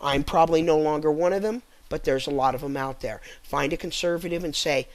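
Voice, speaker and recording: A man's voice: fairly quick, few pauses. A man delivering an angry political rant to the camera, heated and insulting, his voice jumping up on rhetorical questions. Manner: drops low and quiet when winding down. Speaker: political vlogger.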